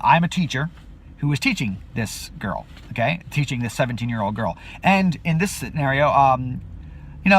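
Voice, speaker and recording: Husky man in rambling monologue. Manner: rambling, many restarts and fillers; acts out quotes with sudden high-pitched outbursts. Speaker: video host. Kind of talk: casual spoken monologue.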